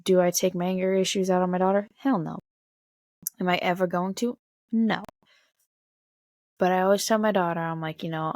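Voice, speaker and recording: A woman's voice: lowish voice, moderate pace, pauses often, dry recording, studio quality. Blunt, cussing young woman venting. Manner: blunt, heavy swearing, animated. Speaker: mother of a toddler. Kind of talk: casual monologue vlog.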